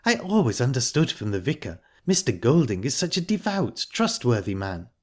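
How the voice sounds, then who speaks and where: A man's voice: medium pitch, very animated, moderate pace. A man voicing an earnest, trusting young woman who is easily surprised.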